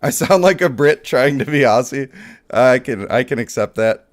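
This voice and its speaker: A man's voice: medium pitch, moderate pace. A young man hosting a live mobile game stream, joking and hyping up his pulls for chat. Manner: playful, excitable, joking with chat.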